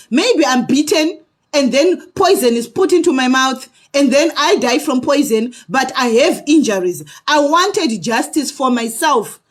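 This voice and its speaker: A woman vlogger telling her personal story to camera in an earnest way, often pausing to ask "okay?" of her viewers. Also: high voice. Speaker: vlogger sharing personal experience.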